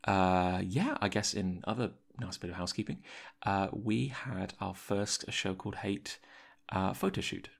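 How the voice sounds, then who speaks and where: Whispering raspy man. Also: deep voice, normal speed, hardly any pauses. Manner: hushed whisper, rambling with many fillers. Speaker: podcast host. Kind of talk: whispered solo interlude. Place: editing suite, early morning.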